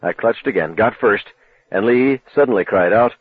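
A man narrating a novel in the first person, telling it in a measured, low, dramatic manner. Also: slightly rough, no room sound. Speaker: audiobook narrator. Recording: tinny phone-like dry recording.

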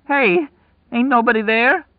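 Casting: man doing a frantic, cursing jailbird, shrill and high-strung, storybook reading, tinny dry audio. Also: unhurried, no room sound. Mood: frantic yelling. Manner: shrill frantic yelling, profane. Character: desperate foul-mouthed male prisoner. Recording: dry tinny phone-like sound.

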